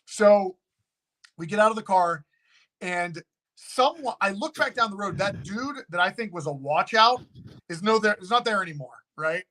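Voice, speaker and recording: A man who owns a haunted location, a guest telling a story in casual, animated talk and swearing freely. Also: high-pitched, normal speed.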